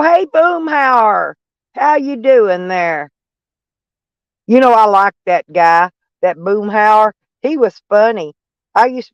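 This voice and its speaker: A woman's voice: medium pitch, clean tone, dry recording, dull audio. A middle-aged woman chatting casually on a live stream, mocking and sarcastic toward trolls in her chat. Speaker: van life streamer.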